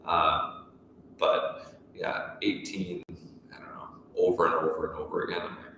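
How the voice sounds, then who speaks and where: This golf pro co-host whispers in a low, level, bright, pushed voice at a measured pace. He rambles with many restarts on a casual golf talk show, recorded in an echoey golf course room with the mic at a distance.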